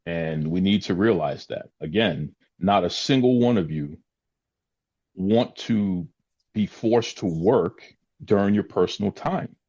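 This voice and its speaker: A man hosting a podcast who talks earnestly in casual chat, lecturing his point and jumping high when he mocks someone. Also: measured pace, darkish tone, slightly rough. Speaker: podcast host. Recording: dull lo-fi audio.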